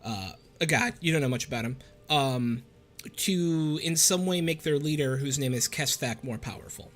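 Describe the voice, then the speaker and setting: A man narrating as game master in a tabletop game, relaxed and full of fillers. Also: fairly high pitch, moderate pace, faint music behind.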